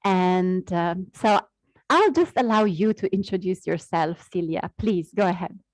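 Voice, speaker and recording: Halting woman hosting an online launch. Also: on the low side, lively intonation, no room sound, low-quality recording. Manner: warm, halting, searching for words. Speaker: event host. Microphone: video call.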